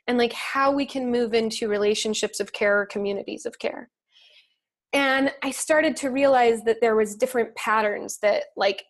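A woman speaking as a podcast guest, explaining her method in a thoughtful, earnest way with many fillers. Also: on the high side. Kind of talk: casual conversational explanation.

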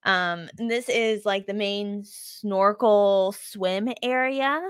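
A woman's voice: medium pitch, slow, clear, resonant tone, no room sound, clean studio sound. A woman co-hosting a podcast, chatting casually with lots of ums and likes and some teasing. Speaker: podcast co-host. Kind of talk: casual chat.

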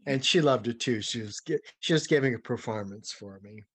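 An older man, a former ballet dancer, telling lively, dramatic stories as an interview guest. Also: medium pitch, a little fast, slightly rough, dry recording. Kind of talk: anecdotal storytelling.

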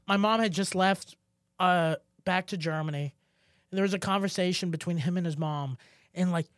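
A man's voice: high-pitched, moderate pace, dry recording. Guy cohost ranting a story, worked up, dry close sound. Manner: animated, heated storytelling. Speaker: podcast co-host. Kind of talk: casual chat.

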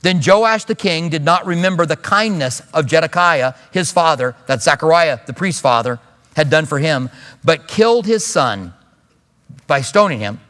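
A man teaching from the pulpit, his fairly high voice ringing out with a long reverb trail around it. He reads scripture passages aloud and then breaks off to comment on them in a conversational way. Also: expressive, normal speed, a bit bright. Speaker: pastor. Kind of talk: sermon teaching.

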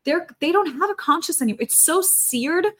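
A woman's voice: extremely high pitch, animated, normal speed, fairly bright tone. A woman talking as a podcast guest in a fervent, preaching manner, stressing her points by repeating them. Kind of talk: conversational preaching.

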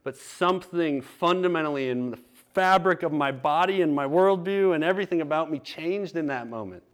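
A man's voice: a little high, fairly quick. A man preaching a sermon, telling a candid personal story in a conversational way. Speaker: pastor.

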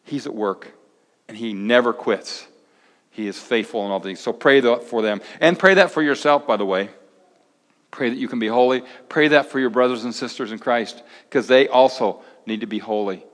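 An older man, a pastor, preaching a sermon to a gathered congregation in a conversational way, rising to emphatic lines and dropping to soft ones. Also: medium pitch, normal speed. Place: large church hall. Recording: long reverb of a large hall.

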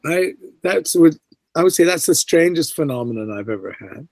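In this interview, a middle-aged guest actor spins animated stories, slipping into the voices of whoever he's quoting. He speaks at a moderate pace in a somewhat high register, with no echo on the audio.

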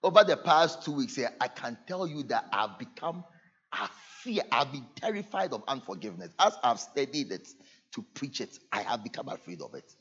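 A man preaching a sermon to his church, earnest, moving between loud emphasis and soft asides. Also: medium pitch, sing-song, normal speed, breathy edge, highs cut off. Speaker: pastor. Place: church service.

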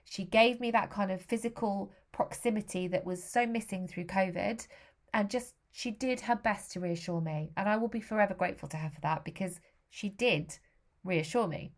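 A woman's voice: medium pitch, moderate pace. A middle-aged woman from Britain, candidly telling a personal story with feeling and acting out the voices of others.

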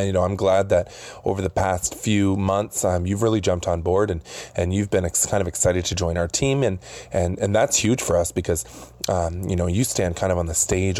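A man with a low voice hosts a casual podcast interview. He rambles, chuckles and restarts his sentences often. The sound is dry and close, from a studio booth. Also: darkish tone, no echo. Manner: rambling, full of fillers and chuckles. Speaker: podcast host. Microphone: studio booth mic.

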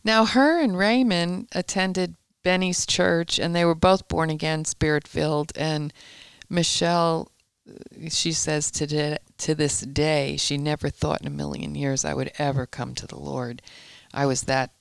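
Gravelly woman telling her testimony. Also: low-pitched, a little slow, no echo. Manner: lively, retelling conversations. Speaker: guest. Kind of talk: personal testimony storytelling. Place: studio.

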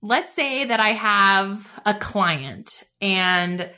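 Bubbly, bright-voiced woman host. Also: medium pitch, expressive, extremely slow. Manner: bubbly, chatty, peppered with "like". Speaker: podcast host. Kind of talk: faith-based motivational podcast talk.

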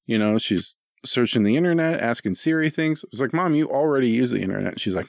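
A man's voice: medium pitch, lively intonation, a little fast, vocal fry, dry recording, clean studio sound. A man in his thirties co-hosting a podcast, chatting casually with jokes and frequent swearing. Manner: joking, profane, playful. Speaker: podcast co-host. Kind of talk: casual comedic chat.

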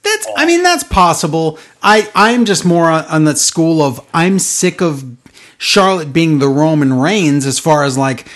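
A man's voice: on the high side, animated, unhurried, fairly bright tone. A man hosting a casual wrestling podcast, giving sarcastic recaps with mocking impressions. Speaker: podcast host.

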